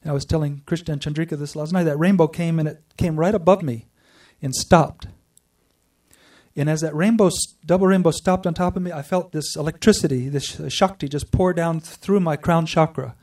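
A man gives a personal spiritual testimony to a group, telling his story earnestly with pauses and restarts. His voice sits on the high side with a mellow tone, picked up by a distant mic.

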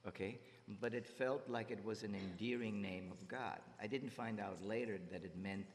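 A man slowly and softly telling a personal devotional story to an audience. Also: fairly low pitch, a little hiss or hum. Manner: slow, soft-spoken, recounting with quoted dialogue. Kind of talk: storytelling to an audience, then singing a devotional song. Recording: long hall reverb with guitar music behind. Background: guitar music.

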